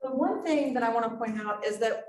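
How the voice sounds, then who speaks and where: A woman with a fairly quick, slightly mellow voice on the high side gives a workplace safety presentation. She talks conversationally and puts questions to the audience, recorded with a distant mic in an echoey room with faint noise.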